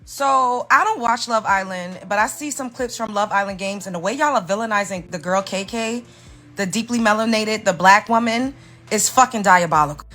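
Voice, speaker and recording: A woman's voice: medium pitch, normal speed, soft background music. A woman from New York with a Brooklyn accent, ranting heatedly and profanely about reality TV. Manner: profane, fiery, animated. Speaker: commentator. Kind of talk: heated rant reacting to reality TV clips.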